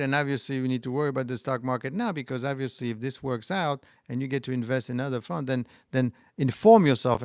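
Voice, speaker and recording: A stock market channel host, middle-aged with a French accent, rambles on his livestream, restarting lines and responding to chat. His medium-pitched voice is creaky, and the studio-quality recording has no echo.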